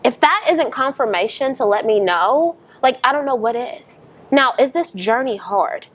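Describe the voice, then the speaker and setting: A young woman, a podcast guest, telling her story in a casual interview, animated and emphatic, laughing often. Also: fairly high pitch, moderate pace.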